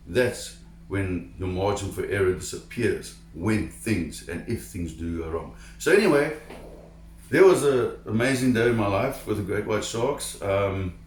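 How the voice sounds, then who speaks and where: A man telling a personal diving story to camera in an animated, emphatic way, repeating words when excited. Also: on the low side, roomy sound, slight background noise. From South Africa. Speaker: shark diver telling a story.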